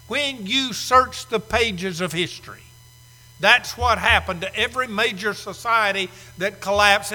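A man's voice: high-pitched, bright, forceful tone. A man in his sixties preaching a sermon, putting heavy stress on key words by drawing them out and firing rhetorical questions at the congregation. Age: 60s. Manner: asks the audience rhetorical questions. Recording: echoey hall.

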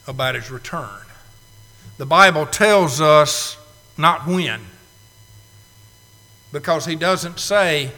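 A man preaching a folksy sermon to a congregation, swinging from loud declarations to hushed asides. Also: a little high. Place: church sanctuary. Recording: long reverb of a church hall.

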